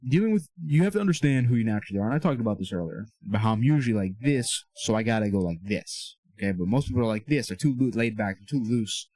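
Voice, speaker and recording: A man's voice: fairly low pitch, expressive, quick pace, hardly any pauses, a little mellow, no room sound. A young man giving a casual, earnest motivational talk on faith and self-improvement, often checking in with his listeners. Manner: earnest, coaching tone, keeps checking in with "okay?" and "all right?". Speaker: Christian self-improvement speaker. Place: small room with a whiteboard.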